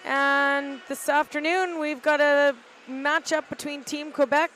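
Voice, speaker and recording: A middle-aged woman, a team parent, giving relaxed, chatty play-by-play from an arena balcony, with fillers and hesitations. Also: high-pitched, a little slow, a little hiss or hum. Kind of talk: amateur live sports commentary. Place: arena balcony overlooking ice rink.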